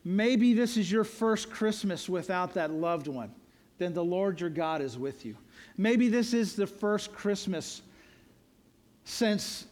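Here a pastor's high, bright voice carries an earnest, emphatic sermon. Repeated refrains anchor his message as he presses each point on the congregation.

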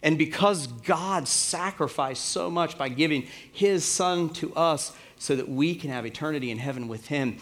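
A middle-aged man, the pastor, preaching a sermon in a relaxed, conversational way, telling a story with plenty of fillers. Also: on the high side. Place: church.

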